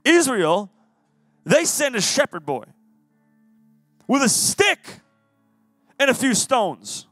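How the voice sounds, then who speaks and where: A man giving an energetic, casual, jokey youth sermon as a youth pastor. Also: very high-pitched, takes it slowly, long pauses, no room sound, soft background music. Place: youth service hall.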